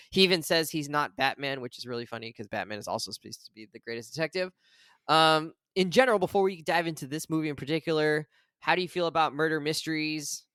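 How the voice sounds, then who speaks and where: Bright, smooth-voiced podcast host. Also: male voice, on the high side, no echo, clean studio sound. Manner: laughs often, chatty with frequent ums. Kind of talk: casual podcast chat.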